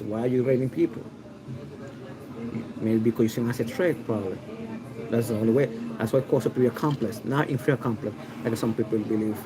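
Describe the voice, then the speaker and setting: Speaking at a medium pitch on a roughly recorded livestream, a male online video host with a mixed New York City accent gives a rambling, opinionated talk packed with restarts and fillers.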